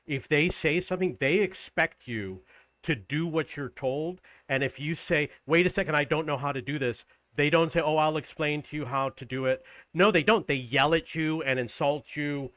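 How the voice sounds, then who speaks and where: A man's voice: on the high side, fairly bright tone, no room sound. A man in his fifties ranting indignantly about his day in a casual vlog, quoting people in an exasperated raised voice. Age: 50s. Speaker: vlogger.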